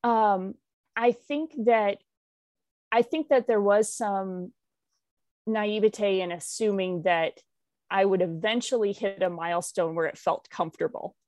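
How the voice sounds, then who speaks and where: A woman's voice: medium pitch, measured pace, a little mellow, dry recording, studio quality. A young adult woman, founder of an organization, talking in an interview in a reflective, candid, self-deprecating way. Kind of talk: conversational interview.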